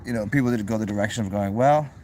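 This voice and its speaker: A man's voice: lowish voice, rapid-fire, dark tone, a little hiss or hum. A young man casually chatting on a livestream, reading out comments, rambling with many restarts, laughing often and swearing freely. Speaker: livestream host.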